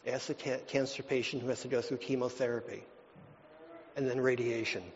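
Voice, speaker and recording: A man preaching a sermon, repeating phrases for emphasis and swinging between loud declarations and near whispers. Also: mid-range voice, flat delivery, a little fast, a little hiss or hum. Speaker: pastor. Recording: dull lo-fi hall recording.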